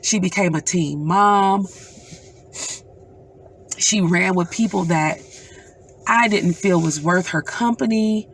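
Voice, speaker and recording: Middle-aged woman, mother, personal vlog storytelling; unhurried, earnest delivery with pauses. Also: lowish voice. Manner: slow, earnest and emotional, with pauses. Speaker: mother recounting a dream.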